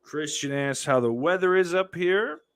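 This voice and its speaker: A man's voice: on the high side, normal speed, fairly bright tone. Profane, sardonic male podcast host. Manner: profane, sardonic, mock-threatening banter. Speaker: podcast host reading live chat. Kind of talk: casual live-stream chat.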